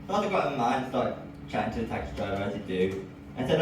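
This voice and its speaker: English guy doing stand-up, lively up and down voice, mic far off in a boomy club with noise behind. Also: fast talker. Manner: lively storytelling, bursts into loud cries. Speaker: stand-up comedian. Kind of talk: stand-up set. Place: comedy club with audience. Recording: echoey room from far off, audible noise.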